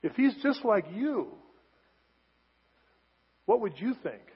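Husky-voiced pastor preaching in a reverberant church. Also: male voice, sits high, big pitch swings, takes it slowly. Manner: conversational preaching, acts out biblical dialogue with rising intensity. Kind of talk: sermon. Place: church sanctuary. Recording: dull sound with long church reverb.

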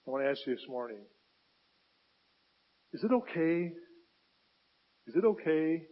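Husky-voiced male pastor preaching. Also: fairly high pitch, sing-song, measured pace, long pauses, dull audio. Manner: swings from loud pleading to quiet reflective asides. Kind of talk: sermon.

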